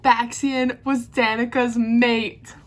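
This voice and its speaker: A woman giving a casual reading vlog reaction, excitable and rambling, gasping and squealing at plot twists. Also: a little high, slow pace. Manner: rambling recap with many fillers. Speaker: book vlogger.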